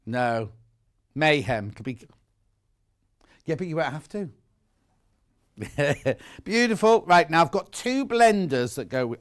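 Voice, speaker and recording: A man's voice: on the high side, expressive, slow pace, pauses often. A man presenting live shopping television, chatting and bantering with his co-workers. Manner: chatty, bantering, chuckling asides.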